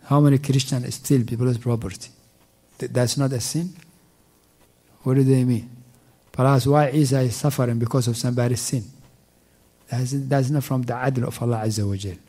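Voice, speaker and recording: Guy teaching a tafsir class at a mosque, mellow dark voice, keeps repeating words. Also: medium pitch. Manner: halting, repeats words while searching for them; recites verses in quick Arabic, then translates slowly. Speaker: teacher explaining Quran commentary.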